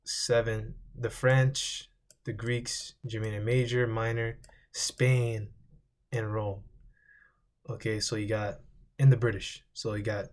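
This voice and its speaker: A man with a lowish, fairly monotone voice speaks slowly while giving an informal Bible lesson. He wanders loosely, swears casually, and repeats lists as they come back to him.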